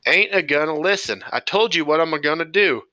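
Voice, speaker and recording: A man's voice: mid-range voice, normal speed, bright, forceful tone, no room sound, lightly acted. A man voicing a stubborn old farmer grandfather who talks in a defiant, cussing rural drawl.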